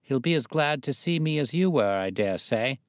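A man's voice: mid-range voice, lively intonation, moderate pace, dry recording, clean studio sound, close to an everyday voice. A man reading aloud, voicing an insolent, half-drunk male servant who speaks sulkily and snarls. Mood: sulky. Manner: sulky, snarling.

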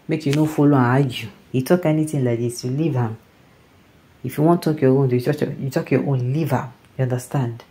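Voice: mid-range voice, warm tone, low-quality recording. A news commentator with a Nigerian accent giving casual opinion commentary, often checking in with the listener through rhetorical questions. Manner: conversational, keeps asking "you understand?".

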